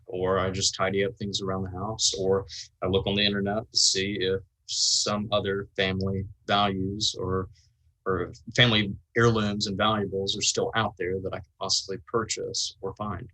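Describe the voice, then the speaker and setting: A reclusive collector who guards his family heirlooms, played by a man in a tabletop game. His voice sits low and moves in a halting, hesitant way, full of fillers. It is close, ordinary speech rather than a showy character voice. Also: level tone, sharp tone, poor audio. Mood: guarded. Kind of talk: tabletop role-play over a voice call.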